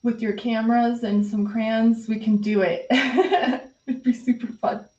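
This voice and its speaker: An unhurried woman with a slightly high, steady, a little mellow voice hosts an art live stream. She talks casually while painting, going over viewer comments and her pastel work with frequent fillers, and the stream sound is lo-fi and a little dull.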